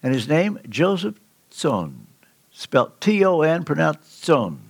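An older man preaching a sermon in a church, telling a personal story with earnest, slow, emphatic pauses. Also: on the high side, very animated, gravelly. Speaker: pastor. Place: church sanctuary.

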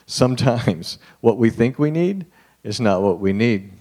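A man preaching a conversational sermon to a live group. He talks to them directly and informally, and drops to a hushed voice to stress a point. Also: medium pitch, lively intonation, a little slow.

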